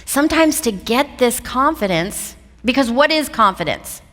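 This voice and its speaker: A woman speaker telling an animated story to a live seminar audience, laughing through it. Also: on the high side, normal speed. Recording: long hall reverb.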